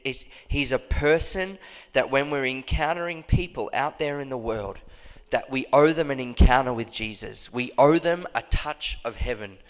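A man delivers a fervent sermon in a church hall. His voice jumps into high, emphatic outbursts, and a long reverb trails after each phrase. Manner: passionate, bursts into high emphatic cries. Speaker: pastor.

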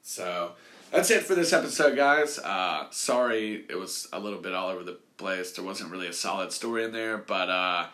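A man tells a rambling story as a show host, with a lively, swinging pitch. He softens his swearing, and his voice rings in an echoey room. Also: normal speed. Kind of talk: casual storytelling.

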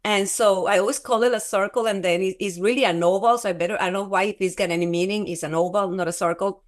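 Woman guest, halting testimony full of fillers and restarts, mid-pitched. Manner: earnest, often breaks into laughter. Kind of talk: personal testimony in a casual interview.

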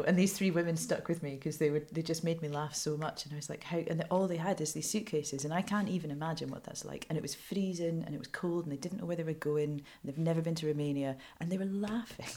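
A Scottish woman journalist talking frankly in an interview, animated and laughing often. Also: low voice, fast. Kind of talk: candid interview storytelling.

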